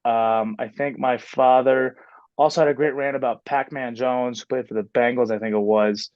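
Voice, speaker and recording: A man's voice: mid-range voice, steady tone, moderate pace, no echo, muffled recording. A man in his twenties, a basketball coach, chatting casually as a podcast guest and rambling with many fillers and restarts. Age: 20s. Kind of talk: casual interview chat.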